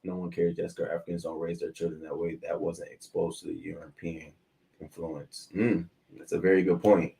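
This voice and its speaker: A man hosting a casual morning news livestream from a swivel chair at home, animated and swearing, talking back to viewer comments. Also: deep voice, moderate pace, creaky. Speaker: host of a morning news show.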